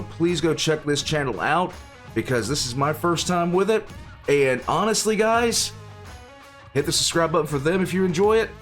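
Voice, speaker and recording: An older man hosting a reaction video, chatting casually with a sarcastic, exasperated edge and frequent laughs. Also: fairly high pitch. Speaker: reaction channel host.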